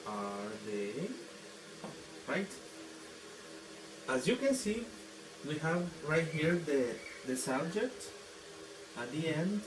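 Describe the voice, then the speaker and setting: Man, teacher, slow and deliberate, animated pitch, recorded far off in a noisy room. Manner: slow, deliberate, often checks with "right?". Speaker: English teacher. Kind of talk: classroom grammar lesson. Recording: echoey room, distant mic, noisy background.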